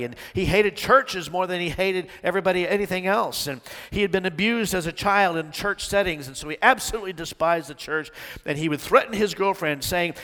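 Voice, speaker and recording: A man preaching a sermon, telling a story and rising from quiet talk to loud outbursts. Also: fairly high pitch. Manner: storytelling preacher, swells from soft to shouting. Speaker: pastor. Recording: long church hall reverb.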